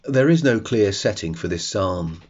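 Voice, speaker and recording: Low-voiced guy doing a slow bible devotional, kinda dull lo-fi sound. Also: animated, a little mellow, breathy edge. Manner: slow, measured, reflective. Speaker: podcast host.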